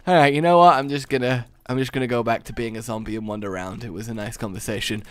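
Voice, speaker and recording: A man's voice: lowish voice, flat delivery, quick pace, a bit bright. A man hosting a gaming channel, giving rambling, jokey let's-play commentary full of asides.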